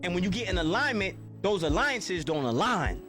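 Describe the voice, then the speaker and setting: A man's voice: sits high, very animated, moderate pace. A man giving a blunt, profane motivational monologue, hammering home repeated phrases. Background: music.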